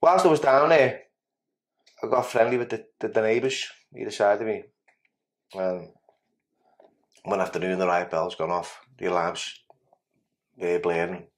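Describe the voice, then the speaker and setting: A man's voice: lowish voice, fairly even intonation, measured pace, pauses often. A man tells a story as a podcast guest in casual talk. He is blunt and sweary and often restarts his sentences.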